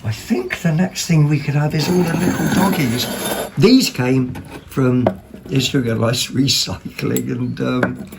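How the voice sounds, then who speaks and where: A man hosting a vlog, chatting casually about second-hand finds in a rambling, excitable way, full of ums and self-corrections. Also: mid-range voice, unhurried, gravelly, very noisy. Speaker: vlog host.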